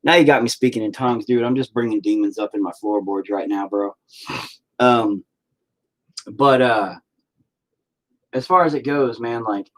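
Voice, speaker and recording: A man chatting casually while painting on a livestream, rambling and swearing freely. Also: fairly low pitch. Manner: profane, rambling, animated.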